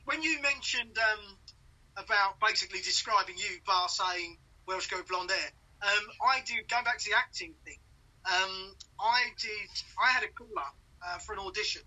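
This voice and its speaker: A man's voice: high voice, normal speed, bright, forceful tone, rough recording. A middle-aged man from London with a Cockney accent, a comedian chatting as a guest and laughing at his own stories. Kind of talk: casual chat.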